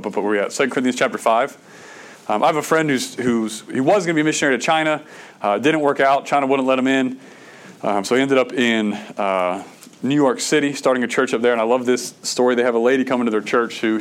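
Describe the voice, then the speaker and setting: A middle-aged man, preaching a sermon in a conversational way, with stammered restarts and bursts of emphasis. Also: mid-range voice. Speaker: pastor.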